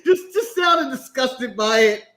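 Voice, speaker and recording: A man's voice: very high voice, animated, measured pace, crowd noise. An American man co-hosting a casual wrestling talk show, laughing often and stammering through restarts. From United States. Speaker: podcast co-host.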